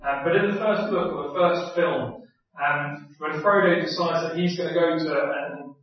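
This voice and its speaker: A man preaching a sermon, animated, acting out quotes and repeating his key points. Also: fairly high pitch, normal speed. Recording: very echoey, distant, dull sound.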